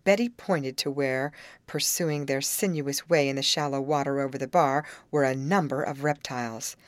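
A woman reading a children's novel aloud as scripted narration, in measured, expressive storytelling. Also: a bass voice, no room sound. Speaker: audiobook reader.

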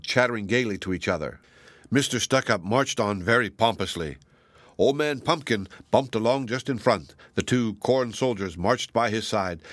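A man narrating a children's storybook with lively, expressive delivery. His voice is bright and forward, and the recording is dry and close. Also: fairly low pitch, no echo. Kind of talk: storybook reading.

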